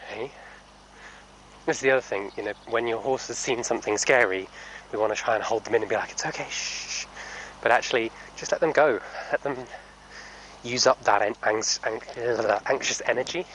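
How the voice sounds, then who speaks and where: A man training a horse, talking softly and coaxingly to the animal while explaining to viewers in a casual vlog. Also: medium pitch, a little fast, a little hiss or hum, poor audio. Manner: soft, coaxing talk to a horse, often hushed. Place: indoor horse stable area.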